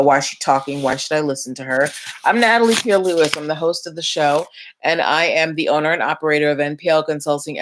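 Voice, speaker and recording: A woman's voice: sits low, a bit bright. A middle-aged woman hosting a live online show, talking casually and explaining business and legal topics straight to her viewers. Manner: chatty, teaching, addresses viewers directly. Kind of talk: casual live-stream talk.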